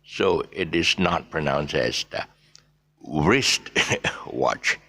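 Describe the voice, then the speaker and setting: A man giving a casual pronunciation lesson, halting with frequent fillers and spelling words out letter by letter. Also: very deep voice, gravelly, sharp tone. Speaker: teacher of English pronunciation.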